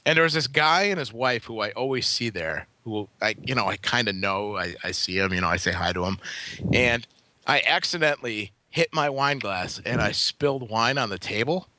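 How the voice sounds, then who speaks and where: Man, podcast co-host, bright tone, casual storytelling, rambling, profane. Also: medium pitch, moderate pace, a little hiss or hum. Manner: rambling, profane anecdote telling.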